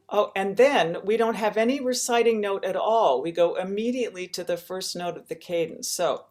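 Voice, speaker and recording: A woman teaching a daily chant practice, speaking gently and slowly and breaking into sung chant lines to demonstrate. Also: medium pitch. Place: home room with chair, screen share.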